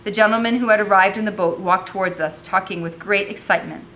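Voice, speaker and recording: A woman's voice: medium pitch, fast talker, sharp tone, a little hiss or hum. A woman teacher reading a novel aloud with commentary, raising her voice expressively for the dialogue.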